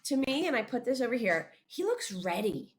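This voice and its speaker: A woman giving a chapel talk to young schoolchildren, expressive and lively, putting questions straight to the kids. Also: on the high side, normal speed.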